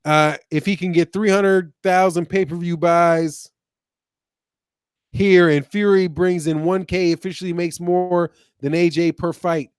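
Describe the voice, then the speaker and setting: High-pitched animated man ranting on livestream. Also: measured pace, clear, resonant tone, dry recording. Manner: animated, laughing, profane, mocking commenters. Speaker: boxing channel host. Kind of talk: casual livestream talk reading chat.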